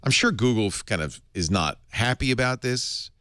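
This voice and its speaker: A man's voice: medium pitch, normal speed, no echo, clean studio sound. A middle-aged man hosting a podcast, reading tech news in a casual, wry way. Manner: wry, animated, slips into comic voices. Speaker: podcast host.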